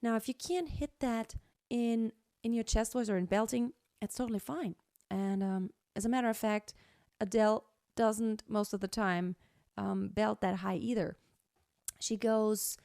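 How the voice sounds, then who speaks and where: A woman singing teacher explaining a song in a relaxed, chatty way, full of fillers and restarts. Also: a little high, vocal fry, no room sound, studio quality. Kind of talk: vocal lesson with sung demonstrations.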